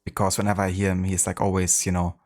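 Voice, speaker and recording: Low-voiced streamer, rambling. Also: male voice, monotone, fast, darkish tone. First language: German. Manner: rambling, full of fillers. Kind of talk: casual live-stream chat.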